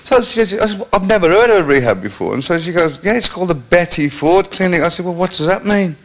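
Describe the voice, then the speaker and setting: A man's voice: sits high, expressive, fast talker, poor audio. A man telling rambling, self-mocking anecdotes as a guest on a chat show, with many restarts.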